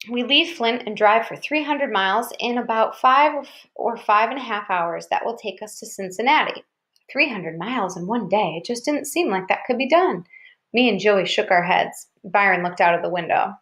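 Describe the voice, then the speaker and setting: A woman's voice: medium pitch, lively intonation, a little fast, a bit bright. Woman steadily reading a novel aloud. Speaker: audiobook reader.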